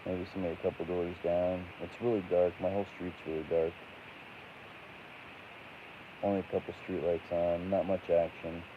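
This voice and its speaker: A man hosting a casual late-night livestream and chatting with viewers, rambling and halting with lots of fillers. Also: low voice, level tone. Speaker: livestream host. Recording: tinny phone-like audio with faint hiss.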